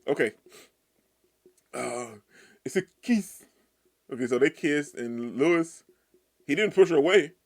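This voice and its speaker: A man reading a manga aloud and reacting in excited, slangy outbursts. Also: on the high side, unhurried, pauses often.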